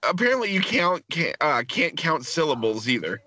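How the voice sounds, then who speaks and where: Bright, lively teasing young man. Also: a little high, moderate pace, slight background noise. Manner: teasing, needling his friends. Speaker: podcast co-host. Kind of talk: casual crude podcast banter.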